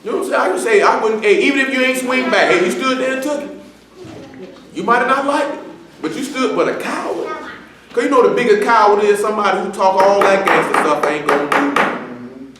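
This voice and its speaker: A man's voice: high voice, fairly quick. Stern man preaching in an echoey hall. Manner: stern, scolding, conversational with slang. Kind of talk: scolding sermon to a congregation. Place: church assembly room. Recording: far from the mic in an echoey hall with faint noise.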